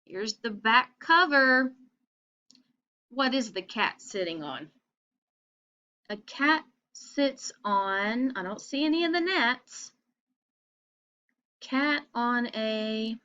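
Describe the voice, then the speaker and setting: Slow, lively-voiced preschool teacher woman. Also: on the high side, lo-fi sound. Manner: slow, encouraging, coaxing children to find rhymes. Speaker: pre-K teacher. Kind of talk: children's read-aloud lesson.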